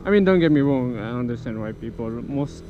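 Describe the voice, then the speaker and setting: A French motovlogger with a mid-range, animated voice talks a little fast while riding in city traffic, rambling casually, correcting himself and swearing freely. His helmet-mounted action camera captures dull audio full of loud traffic and engine noise.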